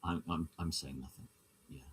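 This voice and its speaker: A man's voice: a bass voice, fairly even intonation, normal speed, recorded from a distance, crowd noise. A man running a tabletop horror game as game master, often hesitating and restarting sentences.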